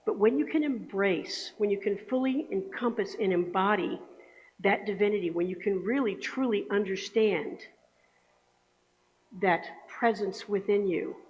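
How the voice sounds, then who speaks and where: A woman's voice: medium pitch, a little slow, slight background noise. A woman giving a conversational sermon in a church, often checking in with the congregation. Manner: chatty, asks the congregation for agreement. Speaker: speaker giving the Sunday message. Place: church sanctuary. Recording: echoey hall, dull lo-fi sound.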